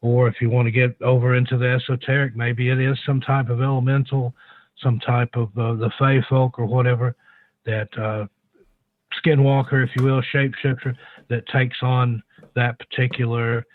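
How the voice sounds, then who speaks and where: Male radio guest over a tinny phone line, musing, halting. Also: mid-range voice, dry recording. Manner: thoughtful, hesitant, many restarts and fillers. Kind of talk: call-in radio interview.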